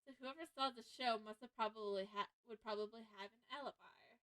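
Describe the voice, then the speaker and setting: A woman voicing a composed, formal male prosecutor in a video game, measured and deliberate. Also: on the high side, fairly bright tone. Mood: thoughtful.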